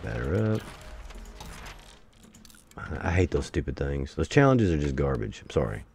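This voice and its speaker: A man giving excitable commentary while playing a survival game, taunting enemies and breaking into sudden loud outbursts. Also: rumbling low, a little fast, soft background music. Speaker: gameplay streamer. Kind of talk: let's play commentary.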